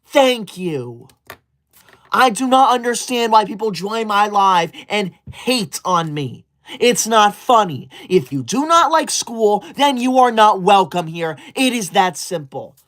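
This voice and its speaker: A man's voice: sits high, animated, slow pace, a bit bright, heavily acted. A man playing a touchy, rule-obsessed young male livestreamer in a comedic parody, talking in a prim, stiffly formal, scolding way.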